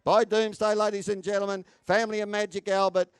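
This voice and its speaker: A man, calling bids as a live horse auctioneer with a rapid, rhythmic chant and salesman patter. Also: high-pitched, little pitch movement, smooth, no echo. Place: sales ring.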